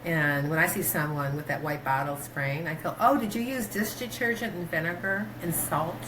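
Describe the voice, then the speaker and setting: A woman doctor talking in a casual interview, rambling through stories with many fillers and restarts, her pitch jumping when she quotes herself. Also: moderate pace, background noise. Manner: animated, pitch jumps when quoting herself. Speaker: guest, doctor.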